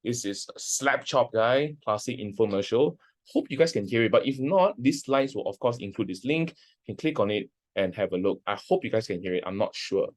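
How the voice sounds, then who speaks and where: A man's voice: on the low side, expressive, brisk. A man giving a university lecture in a conversational way, often breaking off and restarting his sentences.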